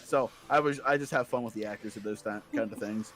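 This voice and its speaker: A man as a podcast guest, telling playful stories in casual chat, breaking into squeaky voices for quotes, with faint music underneath. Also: quick pace, fairly bright tone.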